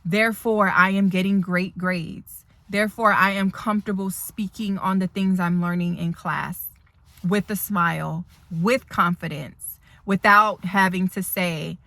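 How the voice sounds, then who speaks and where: A woman's voice: medium pitch, measured pace, a bit bright. A woman instructor telling a heartfelt story in a rambling, emotional vlog from her car. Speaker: dental assisting instructor. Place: parked car.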